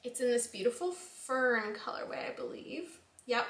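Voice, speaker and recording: A woman's voice: a little high, expressive, normal speed, fairly bright tone. A young woman hosting a knitting vlog, chatting casually and rambling with lots of likes and ums. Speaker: knitting podcast host. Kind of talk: casual chat. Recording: echoey room.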